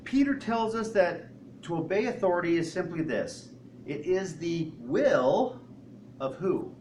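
A man's voice: sits high, animated, a little slow, darkish tone, roomy sound, recorded from a distance, a little hiss or hum, low-quality recording. A man preaching a sermon as a pastor. He asks the congregation questions and acts out quoted voices.

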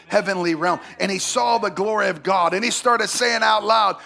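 A man preaching a sermon as pastor, swinging from loud, fervent emphasis to quiet asides. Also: high-pitched, normal speed, creaky, hardly any pauses, faint music behind.

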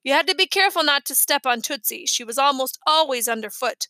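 Woman reader, children's novel, high bright tone, dry close mic. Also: lively intonation, a little fast, no room sound. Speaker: audiobook reader. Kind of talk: reading a children's novel aloud.

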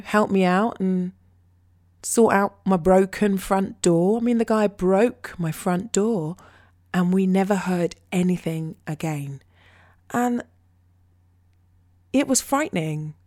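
A woman telling a personal story in a casual monologue, hesitant and reflective, with frequent pauses. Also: lowish voice, a little mellow, no echo, clean studio sound.

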